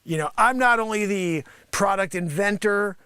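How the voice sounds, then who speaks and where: A man hosting a live stream, improvising a comic sales pitch in a rambling, sarcastic way full of filler phrases, with sudden loud outbursts. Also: normal speed, clean tone, no room sound. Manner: animated, jumps to loud outbursts. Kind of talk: improvised comedic pitch bit.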